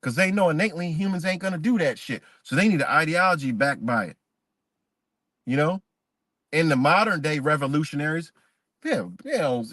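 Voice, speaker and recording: A man rambles through a profane live-stream rant. His voice sits a little high and sounds close and dry, with no room around it. He swings between quiet muttering and sudden loud bursts. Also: lively intonation, brisk, no echo.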